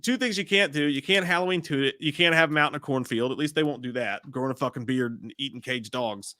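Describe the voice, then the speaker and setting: A man in his thirties co-hosting a casual live movie chat, telling profane, animated stories. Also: medium pitch, fast, no echo, studio quality. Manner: animated, profane storytelling with frequent laughs. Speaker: co-host of a live movie talk show.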